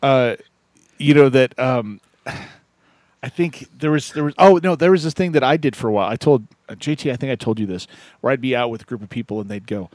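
A man's voice: medium pitch, fairly quick, darkish tone, no echo. Laughing, rambling male call-in host. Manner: laughs often, trips over his words. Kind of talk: casual call-in chat.

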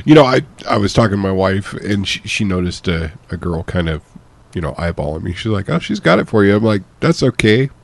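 A man's voice: low voice, sing-song, fairly quick, creaky. A man hosting a casual poetry show, who jokes and laughs often while thanking sponsors. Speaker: host. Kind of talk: casual podcast banter.

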